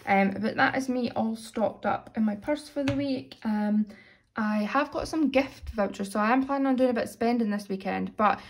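A young British woman, a little hoarse, chatting casually as she counts out cash for her weekly budget. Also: on the high side, moderate pace. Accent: British English. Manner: chatty, self-narrating, counting money aloud. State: slightly hoarse, losing voice. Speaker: budgeting vlogger. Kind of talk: casual chat while cash stuffing.

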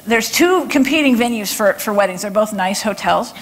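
A woman from Texas giving a lively conference talk to an audience, taking questions and often checking in with "okay?". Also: medium pitch, normal speed. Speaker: body language speaker.

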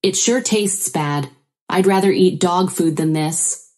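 A woman's voice: lowish voice, takes it slowly, a little mellow. A woman voicing a dismissive, self-pitying husband who defends his mother and blames his wife, in a narrated story. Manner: defensive, blaming.

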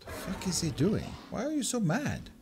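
A gameplay commentator who gets excitable, shrieks and laughs often, swears casually and talks to the game creature. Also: mid-range voice, normal speed, background noise. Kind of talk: let's play commentary.

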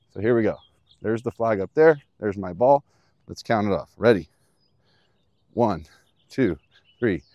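A man with a fairly low voice walks the viewer through a golf lesson out on the course. He is upbeat and plain-spoken, keeping things simple. The sound is close and dry, with little room in it. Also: a little mellow, no room sound. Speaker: golf instructor.

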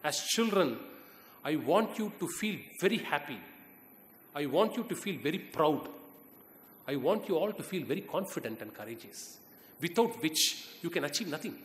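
A man with an Indian English accent giving a university lecture, earnest and exhorting, pausing for emphasis. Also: a little high, big pitch swings, fairly bright tone, slight background noise. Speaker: guest lecturer. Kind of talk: university lecture answering student questions. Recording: echoey hall reverb.

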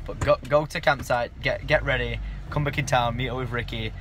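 A young man in his twenties vlogging a road trip, excitable and joking, with shouts now and then, filmed on a handheld camera. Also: mid-range voice, quick pace. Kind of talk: casual travel vlog. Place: outdoors and in a campervan on a road trip. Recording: noisy road and vehicle background.

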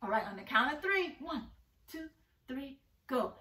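A woman teaching young children in a slow, sing-song, encouraging way, often breaking into short songs. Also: sits high, very animated, far from the mic, heavy background noise. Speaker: preschool teacher. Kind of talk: online circle-time lesson for young children. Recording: echoey room, voice a bit off-mic.

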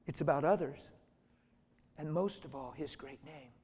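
A middle-aged man preaching a sermon through stories, dropping to hushed tones and then rising to loud, emphatic lines. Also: fairly high pitch, measured pace, husky. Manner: storytelling, swings from soft and hushed to loud and emphatic. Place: church hall. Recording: reverberant hall.

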